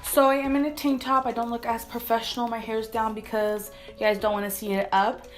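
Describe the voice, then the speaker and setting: A woman's voice: a little high, flat delivery, brisk, faint music behind. A young woman from California chatting through a casual makeup review vlog in her bedroom, rambling and repeating herself. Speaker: beauty vlogger.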